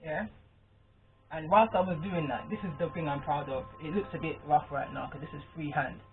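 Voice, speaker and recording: A woman born in Britain speaks with a clear Caribbean patois twang, chatting casually about her card readings. She rambles and keeps checking that her listener follows. The sound is narrow and phone-like, with soft music faintly underneath. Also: low voice, moderate pace. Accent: British with a Caribbean patois twang. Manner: chatty, rambling, often asks "you understand?". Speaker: spiritual card-reading vlogger. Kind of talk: casual monologue to camera.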